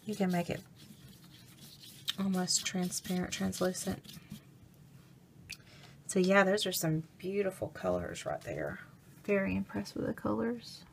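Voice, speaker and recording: A woman with a scratchy, hoarse voice from illness, chatting casually as she hosts a craft video. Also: medium pitch. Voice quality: scratchy, gravelly. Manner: chatty, rambling, relaxed. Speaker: craft channel host. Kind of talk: casual unboxing vlog chat.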